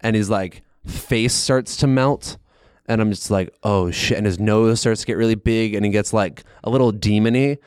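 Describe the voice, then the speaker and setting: A man in casual podcast chat, a rambling, animated storyteller who leans heavily on fillers. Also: on the low side, moderate pace, smooth, no echo, studio quality.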